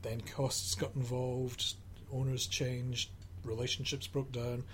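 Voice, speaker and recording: A man's voice: medium pitch, little pitch movement, slow, a little hiss or hum. A man chatting on a radio football panel in an easygoing, rambling way with many fillers. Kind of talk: casual radio chat.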